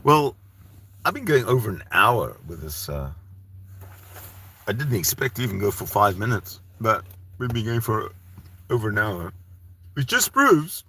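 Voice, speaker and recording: A man from Canada carries a long solo talk on his own channel, heated and full of swearing and false starts. His voice sits low, yet it swings widely in pitch and has a bright, forceful edge. The sound is dry and close. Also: breathy edge, dry recording. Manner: heated, ranting, profane, with frequent restarts. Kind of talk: rambling solo livestream talk.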